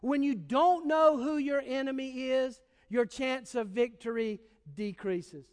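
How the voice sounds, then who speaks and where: A man's voice: extremely high pitch, a little slow, darkish tone, clean tone, big-room sound. A man preaching a sermon as pastor, telling stories in a casual, emphatic way.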